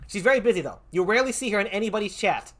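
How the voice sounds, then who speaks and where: High bright guy hosting a stream, goofy and animated, laughs a lot. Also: rapid-fire. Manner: animated, hammy, laughs often. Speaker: stream host. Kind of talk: playful improv game banter.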